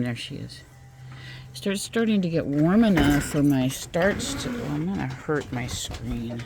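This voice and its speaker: A woman's voice: very animated, measured pace, creaky, darkish tone, slight background noise. A woman vlogging casually from California, filming her home and garden on a phone and chatting in a rambling, talkative way. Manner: chatty, rambling, talks to pets in a high sing-song. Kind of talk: casual home tour chat. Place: home and garden, indoors and outdoors. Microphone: phone held while filming.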